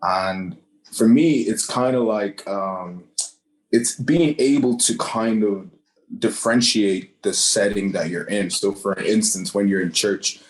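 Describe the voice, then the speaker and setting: A man's voice: on the low side, slow. A man speaking thoughtfully as a panelist in a casual discussion. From Ireland. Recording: roomy echo.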